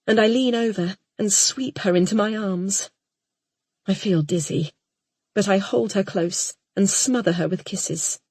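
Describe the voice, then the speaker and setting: Female audiobook narrator, unhurried and intimate, breathy tone, dry booth recording. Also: mid-range voice, a little mellow, no echo. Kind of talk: first-person audiobook narration.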